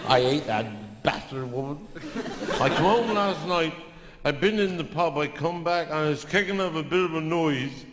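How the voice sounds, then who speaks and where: An older man with a Cornish accent telling stand-up stories, with dry deadpan asides after each punchline. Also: a little high, moderate pace, heavy background noise. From Cornwall. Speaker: stand-up comedian. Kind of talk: stand-up storytelling. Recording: live show in a large hall with audience laughter.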